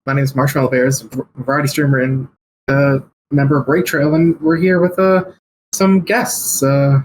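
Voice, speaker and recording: A man's voice: mid-range voice, level tone, normal speed, slight background noise, low-quality recording. A man who is a variety streamer, introducing himself on a podcast in a hesitant, friendly way. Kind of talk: casual roundtable chat.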